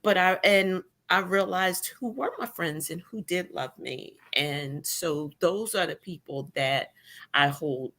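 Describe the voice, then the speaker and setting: A woman with a notably low voice speaks candidly and with wry humor as a guest. She is middle-aged and talks in a casual conversation over a video call. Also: slow pace, fairly bright tone. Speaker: guest, cancer survivor blogger. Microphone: remote video call.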